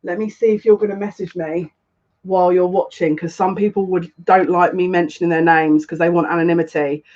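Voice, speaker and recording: A woman's voice: fairly low pitch, fairly even intonation, brisk, darkish tone. A woman hosting a psychic tarot live stream, chatting casually and greeting viewers one by one. She sounds close to tears and talks in an effusive, gushing way. The recording is a little dull and lo-fi. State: on the verge of tears. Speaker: psychic tarot reader, channel host.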